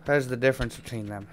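A gamer with a mid-range, fairly bright voice giggles and rambles through playfully crude commentary on another person's gameplay. Game music runs in the background, along with slight noise.

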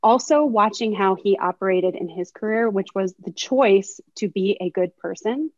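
A woman's voice: mid-range voice, moderate pace, no room sound. A woman in her thirties, a sports agent speaking as a webinar guest, telling candid anecdotes in a reflective way. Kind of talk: webinar conversation, storytelling. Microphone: video call. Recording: slightly dull lo-fi video call audio.

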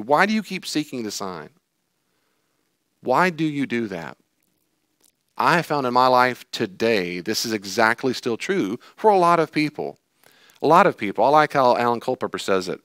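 A man delivers a sermon in a lively, animated way, jumping from loud, high bursts to low, quiet asides as he acts out the people he quotes. His voice sits at an ordinary middle pitch, and the recording is dry and close. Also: normal speed, dry recording. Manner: animated, voices quoted figures, big pitch swings and sighs. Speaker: pastor. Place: church hall.

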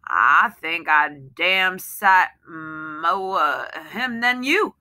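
A woman's voice: fairly low pitch, lively intonation, very slow, bright, forceful tone, exaggerated voice. A woman doing a sneering brute. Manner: sneering, swaggering. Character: cruel, boastful Southern husband, adult man.

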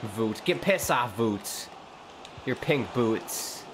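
A man voicing a gruff, tough male footballer who talks bluntly and swears, slow and low-key. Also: expressive. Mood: grumbling. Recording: noisy background hum.

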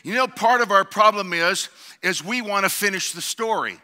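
A middle-aged man preaching a sermon as pastor, building to shouted emphasis and calling out to the congregation. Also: high-pitched, normal speed. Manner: preaching with rising shouted emphasis and call-outs.

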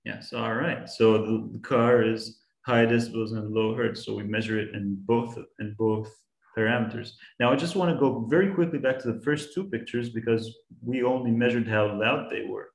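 In an echoey room, a man with a creaky, medium-pitched voice gives young students an online science lesson as a guest speaker. He stays patient and encouraging, asking questions as he goes.

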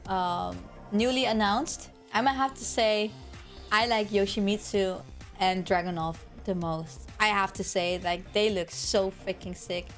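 A young woman with a hoarse voice, gushing through an excited video reaction. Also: mid-range voice. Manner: gushing, exclamatory, fangirling. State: hoarse from illness. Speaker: gaming video creator.

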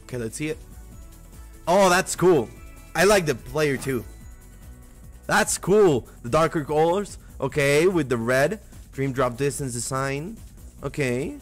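A young man hosts a live reaction, bursting into excited exclamations and chatting to his audience. His voice sits high and he speaks at an unhurried pace between outbursts. Faint music plays under him. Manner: excitable, exclaiming, talking to viewers. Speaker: video reaction host.

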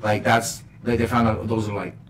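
A man's voice: fairly low pitch, flat delivery, normal speed, roomy sound, a little hiss or hum, rough recording. A man co-hosting a casual podcast chat, talking in slangy language and calling people bro. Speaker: podcast co-host.

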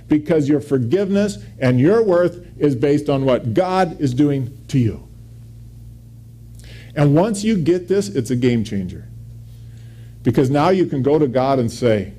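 Male pastor, mellow voice, emphatic sermon delivery. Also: very animated, measured pace. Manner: emphatic preaching, pitch rising on quoted scripture.

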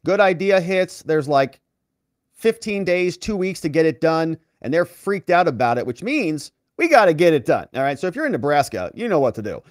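Animated male political commentator. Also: fairly high pitch, moderate pace, dry recording, studio quality. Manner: animated, emphatic, talks straight to viewers. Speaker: host.

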